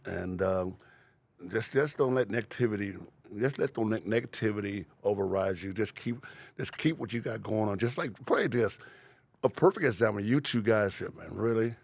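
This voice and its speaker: A man's voice: fairly low pitch, moderate pace, vocal fry, no echo. A man in his sixties chatting as a podcast guest in a laid-back, rambling way, laughing often and peppering his talk with "man". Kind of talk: casual interview chat.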